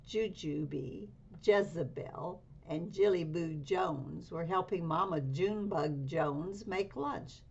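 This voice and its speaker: A woman reads a picture book aloud to children, expressive and unhurried. Her voice is soft and breathy at a slow pace. The recording sounds dull and lo-fi. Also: fairly low pitch. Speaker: storybook reader.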